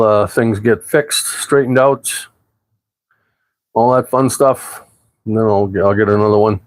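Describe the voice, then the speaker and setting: A man, chatting casually on a livestream, rambling and relaxed, with plenty of fillers and the odd swear word. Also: on the low side. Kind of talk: casual livestream chat answering viewers. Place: apartment at home.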